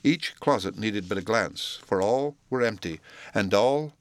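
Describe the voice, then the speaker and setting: A man narrating an audiobook of a classic novel in a measured, steady manner. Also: fairly low pitch, no echo. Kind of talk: scripted narration.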